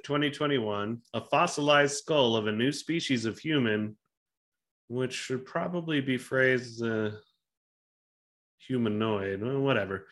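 Podcast co-host, man in his thirties, bright crisp tone, offhand and joking, curses casually. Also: mid-range voice. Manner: joking, offhand, swears freely. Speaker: podcast co-host running a trivia game. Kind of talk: casual chat.

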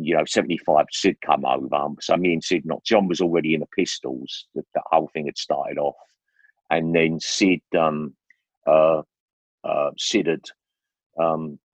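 A man's voice: very deep voice, fairly even intonation, a little slow, dry recording. A man, telling stories as an interview guest in a chatty, slangy way with lots of restarts, on a dull, dry recording. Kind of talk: rambling casual storytelling.

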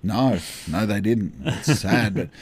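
A man's voice: on the low side, takes it slowly, slightly rough. A man in his thirties, a podcast co-host telling a story in casual chat, acting out the dialogue with laughs. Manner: animated, acts out dialogue with laughs.

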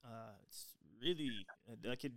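A man from South Texas hosting a podcast in casual chat, relaxed and rambling after a booming announcer-style opening. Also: normal speed, creaky, clear, resonant tone, dry recording. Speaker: podcast host.

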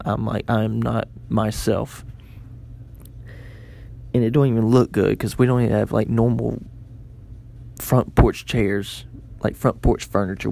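Gravelly low-voiced young man telling a story. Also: darkish tone. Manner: self-mocking, rambling with many restarts. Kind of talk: casual storytelling.

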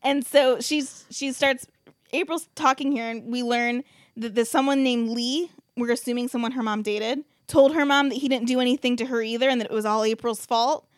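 Chatty higher-voiced woman recapping a film. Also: fairly even intonation, moderate pace, no room sound, clean studio sound. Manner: chatty storytelling, filler "like", swears freely. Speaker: podcast host. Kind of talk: casual movie recap.

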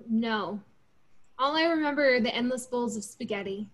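A woman's voice: fairly high pitch, normal speed. A woman bantering in comedic dialogue, teasing and wisecracking.

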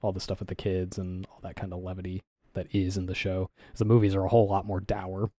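A man's voice: low-pitched, completely flat delivery, fast talker, mellow, dry recording, clean studio sound. A man co-hosting a podcast in casual chat, rambling with many fillers and acting out quotes from what he watched. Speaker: podcast co-host.

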